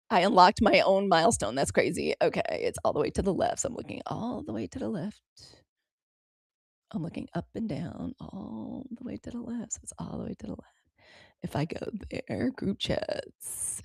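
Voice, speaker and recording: A creaky, slightly rough, darkish medium-pitched voice belongs to an American woman hosting a news livestream. She talks casually with viewers, calling them y'all, and fumbles aloud with the app controls, in a dry, studio-quality recording.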